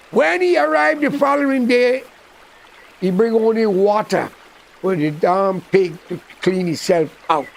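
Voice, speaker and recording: A man with a Guyanese accent gives a rambling, impassioned political monologue, blunt and preachy. His voice sits high for a man, with a gravelly creak running through it. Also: slight background noise, low-quality recording.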